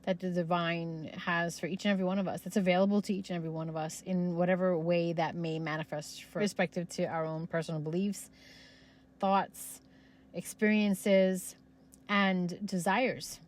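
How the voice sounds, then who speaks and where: A woman's voice: on the low side, fairly even intonation, normal speed. A woman podcast host giving a short casual update, proud and reflective.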